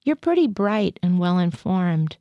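A woman's voice: on the low side, sing-song, measured pace, no room sound, highs cut off. A woman reading the part of a skeptical male military psychiatrist who questions his patient in a probing, dry way. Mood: questioning.

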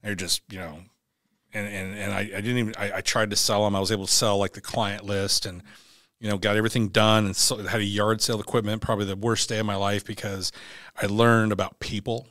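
A middle-aged man with a lowish voice recounts a painful chapter of his life in a podcast interview. He talks bluntly, swears, and restarts his sentences as he searches for words. The sound is close and dry, with no room echo. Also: little pitch movement, fairly quick, fairly bright tone. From United States. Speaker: podcast guest. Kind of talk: emotional personal storytelling.

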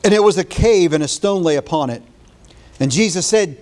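A male pastor delivering a morning sermon. His voice sits a little high for a man, and he talks in an earnest way, restarting words as he retells scripture and reads it aloud. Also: moderate pace, a little mellow.

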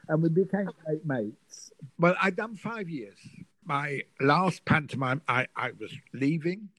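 Older man, anecdote, lively, acts out voices, higher voice, dry close mic. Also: no room sound, low-quality recording. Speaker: guest. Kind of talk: storytelling anecdote.

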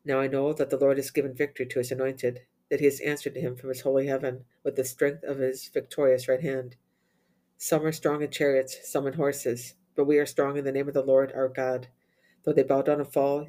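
Male prayer reader, flat even delivery, steady liturgical recitation of psalms and readings. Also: mid-range voice, fairly quick. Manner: steady chanting recitation with slips and restarts. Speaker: prayer leader.

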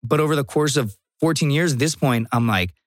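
A man's voice: medium pitch, fairly quick, dry recording, clean studio sound. A man, a stand-up comedian and podcast guest, telling stories in casual chat with swearing and acted-out voices. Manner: animated storytelling, profane, acts out voices.

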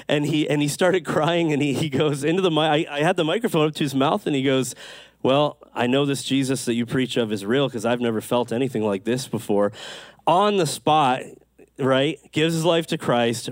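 A man preaching a sermon, telling stories with lively acted-out quotes and quick asides. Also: medium pitch, no echo, studio quality. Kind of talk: sermon storytelling.

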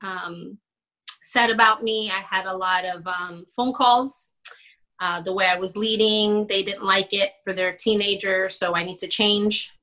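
A pastor's wife as a podcast guest, telling a painful personal story with quoted dialogue and animated emotion. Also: female voice, mid-range voice, measured pace, rough recording.

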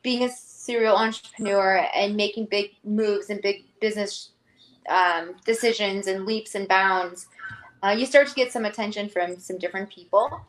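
A woman entrepreneur speaking as an interview guest, thoughtful and sincere, often pausing with "um" and "like". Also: mid-range voice. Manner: thoughtful, with frequent ums and likes. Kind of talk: reflective interview talk. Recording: echoey room.

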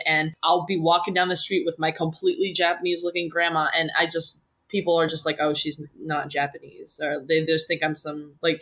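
A woman with a somewhat low voice talks casually as a podcast guest. She tells personal stories earnestly, often slipping into quoted lines from other people. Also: fairly bright tone. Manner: earnest, storytelling, quoting others. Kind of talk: casual interview conversation.

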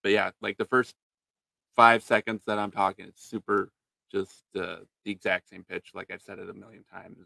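A man's voice: on the low side, level tone, moderate pace, gravelly, pushed and bright, dry recording. A man, a salesman, chatting casually and thinking aloud with loose fillers. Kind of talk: casual chat.

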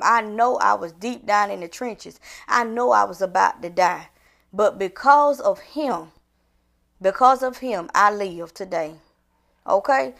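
A woman giving an impassioned, encouraging talk to her viewers, talking folksy and direct, building to fervent near-shouting like a preacher. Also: medium pitch, creaky. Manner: folksy, calls to the audience directly. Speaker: online encourager addressing viewers.

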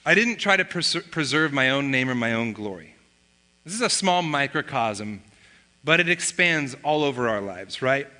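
A man's voice: mid-range voice, big pitch swings, moderate pace, sharp tone. A man preaching a sermon as pastor, telling stories in a conversational way and acting out bits of family dialogue. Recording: long reverb of a large hall.

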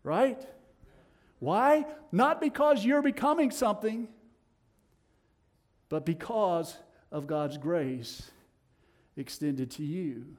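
A middle-aged man with a Tennessee accent preaching a sermon, swinging between loud declarations and hushed, low passages. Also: expressive, takes it slowly, long pauses.

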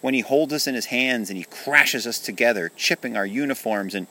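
A man's voice: mid-range voice, fairly quick, pushed and bright, voice pushed up, rough recording. A man voicing a chipped toy soldier, proud and bitter, complaining in a storybook reading. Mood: resentful. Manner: complaining, resentful.

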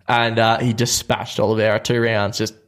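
Relaxed Australian man chatting sport. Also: fairly low pitch, normal speed. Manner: relaxed, chatty, laughs often. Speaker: podcast co-host. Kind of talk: casual sports chat.

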